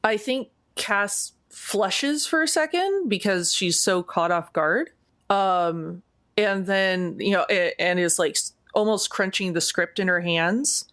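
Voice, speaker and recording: A woman player in a tabletop role-play game, speaking in a hesitant, halting way. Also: medium pitch, a bit bright, no echo, clean studio sound.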